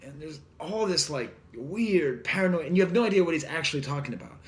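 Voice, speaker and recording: A man with a fairly high voice talks through an album review in a loose, rambling way. He fills his speech with fillers and restarts and keeps a wry edge. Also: expressive, fast. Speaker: record reviewer. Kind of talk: casual music review.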